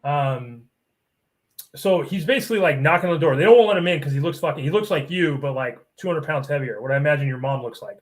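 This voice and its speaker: A man's voice: on the high side, lively intonation, quick pace. A man, a guest on a casual podcast, telling a rambling story and acting mock-offended, swearing a lot. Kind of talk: casual banter.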